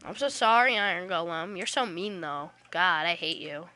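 A woman's voice: lowish voice, expressive, moderate pace, pushed and bright. A woman casually chatting while playing a game online, playfully trash-talking creatures in slangy speech. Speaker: gaming channel host. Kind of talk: casual let's-play chatter.

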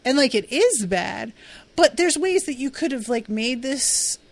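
A woman's voice: high voice, expressive, a little slow. Chatty woman recapping a TV episode. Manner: chatty, fillers, acts out quoted lines. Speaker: podcast host. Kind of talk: casual TV recap commentary.

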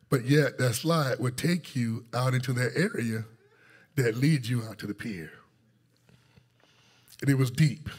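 A male pastor preaching a sermon, telling a story and calling out to his congregation, rising to excited intensity. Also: mid-range voice. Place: church sanctuary.

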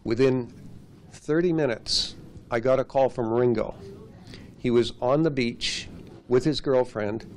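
A man's voice: mid-range voice, unhurried, pauses often, slight background noise. A man, a former radio broadcaster, telling an anecdote at a restaurant gathering and acting out the dialogue as he goes. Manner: lively storyteller acting out quoted dialogue.

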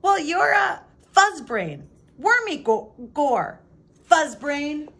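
A woman's voice: medium pitch, lively intonation, slow, a bit bright, husky, exaggerated voice. A woman voicing a feisty beekeeping neighbor woman who snaps shrilly. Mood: angry.

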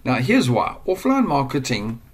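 A man's voice: mid-range voice, wildly swooping pitch, moderate pace. A man giving a casual screen-share lesson on online marketing. He rambles and chats, and he drifts off the mic now and then while working at his computer.

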